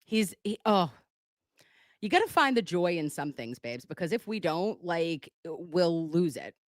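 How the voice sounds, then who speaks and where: This woman has a lowish, expressive voice and speaks a little slowly. She hosts a casual webcam livestream, chatting and joking as she reads viewer messages aloud, and the dry recording has studio quality.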